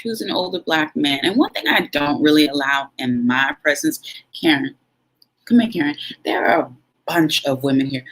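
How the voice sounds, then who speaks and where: Woman vlogger, casual storytelling, frank, animated, dramatic pauses, slightly low voice. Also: rough recording.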